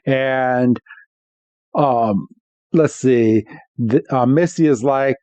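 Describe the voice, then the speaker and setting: A man co-hosting a podcast, casually recapping a cartoon episode in a relaxed storytelling way with lots of fillers. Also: medium pitch, very slow, no room sound. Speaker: podcast co-host.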